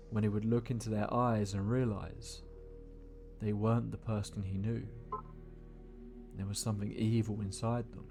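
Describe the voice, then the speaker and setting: A man narrates a scripted horror story in a fairly low, warm voice, keeping a measured pace and slowing down for suspense. Faint music plays behind him.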